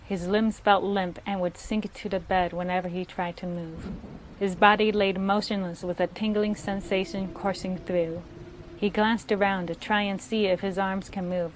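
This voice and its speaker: A woman's voice: mid-range voice, slight background noise, rough recording. Young woman reading a scary story.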